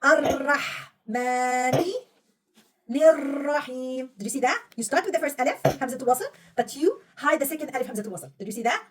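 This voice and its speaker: A woman's voice: high voice, sing-song, very fast, hardly any pauses, husky, distant mic. A woman teaching a young pupil to read Arabic, patiently quizzing her and praising right answers. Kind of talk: one-on-one reading lesson.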